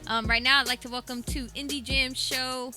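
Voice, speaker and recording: A woman's voice: high-pitched, steady tone, moderate pace, music in the background. A woman hosting a show, interviewing a guest casually and laughing often. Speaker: show host.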